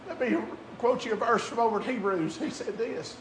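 A man preaching a sermon, moving between quiet conversational asides and drawn-out shouted climaxes. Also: extremely high pitch. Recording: echoey room with faint crowd and noise.

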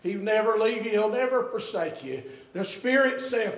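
High-pitched older preacher shouting in echo. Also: male voice, animated. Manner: swings between shouted exhortation and hushed, drawn-out phrases. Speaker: pastor. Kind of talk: sermon. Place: small church. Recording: echoey church room, faint congregation.

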